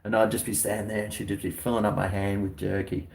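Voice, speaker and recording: Australian male streamer, middle-aged, slangy and rambling, voice sits a bit low. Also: level tone, fast talker, vocal fry, a little mellow. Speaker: livestream host. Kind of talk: casual livestream chat.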